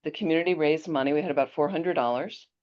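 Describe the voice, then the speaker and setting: Woman Buddhist teacher, deep voice, lively storyteller, muffled lo-fi audio. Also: fast. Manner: animated storyteller, chatty with restarts. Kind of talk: teaching talk with personal anecdote. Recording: dull lo-fi audio.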